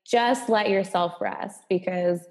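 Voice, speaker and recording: A woman's voice: mid-range voice, slow. A woman in casual conversation, heartfelt and searching, leaning often on "like" as she talks. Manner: heartfelt, leans on "like" as filler. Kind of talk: casual chat.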